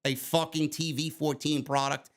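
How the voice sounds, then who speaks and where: A man's voice: a little high, flat delivery, moderate pace. A man with a New York accent hosting a wrestling review show, ranting in a heated, profane, sarcastic way. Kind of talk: ranting commentary.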